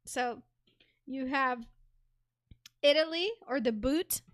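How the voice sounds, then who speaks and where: A woman's voice: high voice, slow pace, no echo, studio quality. A woman co-hosting a casual podcast chat, playful and laughing often as she tries out foreign pronunciations. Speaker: podcast co-host.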